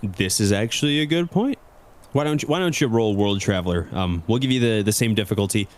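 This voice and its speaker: A man's voice: on the low side, lively intonation, a little fast. A man narrating a tabletop game as game master, rambling with many restarts.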